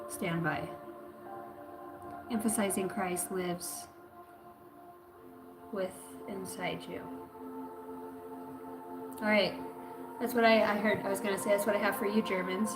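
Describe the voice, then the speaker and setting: A woman giving a loose, rambling spiritual reading on a live stream, slangy and full of swearing. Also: medium pitch. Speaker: spiritual reader. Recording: echoey room with music behind.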